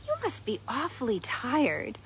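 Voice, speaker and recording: A woman voicing a calm, gentle old monk. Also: on the high side, a little slow, creaky, a little hiss or hum, exaggerated voice. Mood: gentle, amused. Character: calm, wise male monk, gently teasing.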